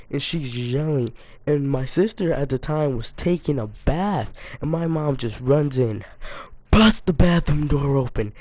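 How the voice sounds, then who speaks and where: A young man telling a casual story to his viewers, animated and self-mocking, full of slang. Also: medium pitch. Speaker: storytime YouTuber.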